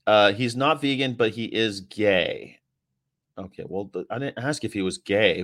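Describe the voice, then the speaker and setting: A man's voice: lowish voice, measured pace, a bit bright. A man hosting a casual livestream, chatting and reading out history items in a rambling, profane way. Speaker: host.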